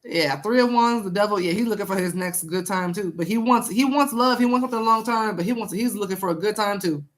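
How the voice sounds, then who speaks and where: A woman's voice: medium pitch, fast. A young woman doing a casual live-stream tarot reading, chatting with viewers and repeating herself.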